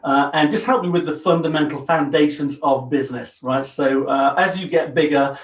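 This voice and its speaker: A man's voice: fairly high pitch, fairly even intonation, moderate pace, faint music behind. A man, a business coach on a podcast, explaining his method in an earnest, down-to-earth way over a video call. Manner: earnest, explanatory, self-deprecating. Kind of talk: interview answers. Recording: roomy, distant from the mic.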